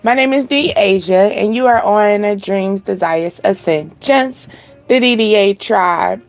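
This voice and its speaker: A woman's voice: mid-range voice, slow pace. A young woman hosting a spiritual channel, giving a casual live-stream reading in a chatty, laid-back way with frequent laughter.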